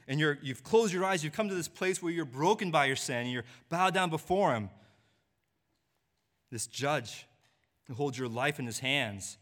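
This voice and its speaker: A man preaching a sermon, dropping to a hushed, low delivery and rising to a pleading voice when he voices a sinner's confession. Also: expressive, normal speed. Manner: swings from hushed low delivery to raised, pleading voice in quoted lines.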